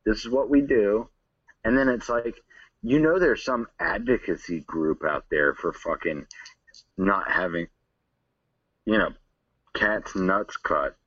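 A man's voice: lowish voice, slow pace, pauses often, fairly bright tone, slightly rough, no room sound, far from the mic, lo-fi sound. A man co-hosting a podcast, rambling in profane, casual chat. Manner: rambling, profane, trailing asides. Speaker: podcast co-host.

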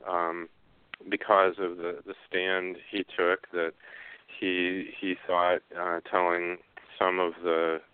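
A male author being interviewed, speaking haltingly with many fillers and restarts. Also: deep voice, monotone, clear, resonant tone. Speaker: author guest. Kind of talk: casual interview talk. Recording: phone line.

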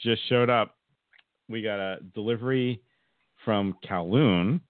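A man's voice: fairly low pitch, a little slow, no room sound. A man co-hosting a podcast, chatting in an easygoing, hesitant way with trailing sentences. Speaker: podcast co-host. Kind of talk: casual chat. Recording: tinny phone-like sound.

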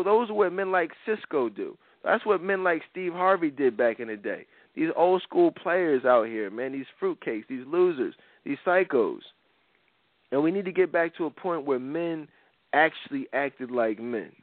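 A man's voice: a little high, dry recording. Blunt man on a tinny line. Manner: blunt, rambling, frequent "you know" fillers. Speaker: podcast host. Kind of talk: opinionated casual talk. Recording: dry, phone-like narrow sound.

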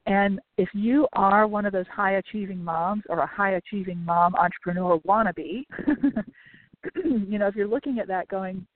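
A woman's voice: medium pitch, measured pace, no room sound. A woman hosting her own podcast, talking in a chatty, tongue-in-cheek way and stacking repeated words for emphasis. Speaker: podcast host and business coach. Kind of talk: solo podcast monologue. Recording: tinny phone-like sound, dry.

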